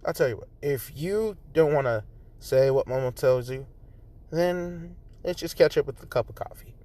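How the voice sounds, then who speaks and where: A man voicing a young male hero who talks in a soft, teasing murmur. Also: fairly high pitch, expressive, normal speed, lightly acted. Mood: smooth teasing.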